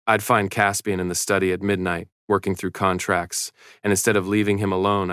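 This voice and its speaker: A man narrating a first-person story in a steady, even read. His voice is deep and smooth, recorded dry and close. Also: no room sound.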